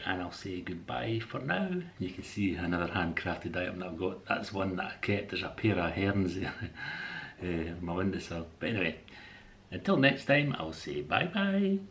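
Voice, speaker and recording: A man with a very low, deep voice talks through a casual home vlog. He rambles in a friendly way with hesitations and chuckles, while a faint room ambience sits behind him. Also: creaky, slight background noise. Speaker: artist and eBay seller showing a shopping haul. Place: indoors at home.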